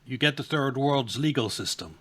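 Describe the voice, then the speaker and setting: A man delivering pointed political commentary at an average pitch. He speaks in a measured way and pauses often on filler sounds as he builds his argument. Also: expressive, fairly bright tone, slight background noise. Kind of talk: opinionated commentary.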